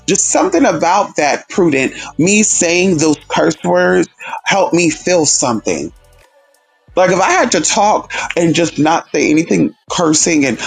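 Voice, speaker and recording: A sassy man hosting a casual livestream, his gravelly, husky voice swooping up and down with lively expression. He chats straight to his viewers, full of attitude, with faint music playing underneath. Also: fairly high pitch, a little slow. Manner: sassy, animated, addresses viewers as girl and honey. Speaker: livestream host.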